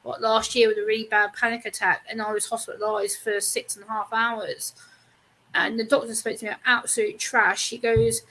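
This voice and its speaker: A woman's voice: fairly high pitch, little pitch movement, fairly quick, fairly bright tone, rough recording. A woman chatting casually on a livestream, retelling a conversation with plenty of quoted back-and-forth. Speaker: livestream guest. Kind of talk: casual chat.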